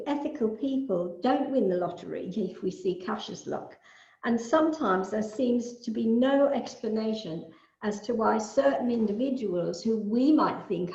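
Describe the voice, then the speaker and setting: Older lady explaining stuff over a video talk, kinda gravelly voice, echoey muffled sound. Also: on the high side, dark tone. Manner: measured, explanatory, musing asides. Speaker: astrology lecturer. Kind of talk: online talk with shared screen. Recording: echoey, dull lo-fi.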